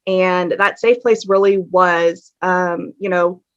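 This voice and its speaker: A woman's voice: fairly low pitch, fairly even intonation, slow. A woman, telling her story as a podcast guest in a candid, earnest way, with many ums. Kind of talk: casual interview storytelling. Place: home room with a fan on. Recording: dull lo-fi audio.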